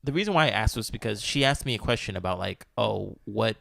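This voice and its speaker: A man's voice: on the low side, animated, fast talker, vocal fry, a bit bright, no room sound, studio quality. A young man co-hosting a podcast in casual chat, laid-back, laughing often and filling his talk with "you know". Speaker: podcast co-host.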